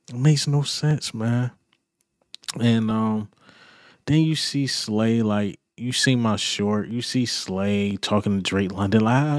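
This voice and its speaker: A man's voice: mid-range voice, dry recording, clean studio sound. A man vlogging a frustrated, emphatic sports reaction rant, repeating his points in casual slang.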